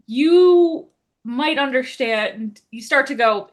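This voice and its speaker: Slow, high-ish woman narrating a game. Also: expressive.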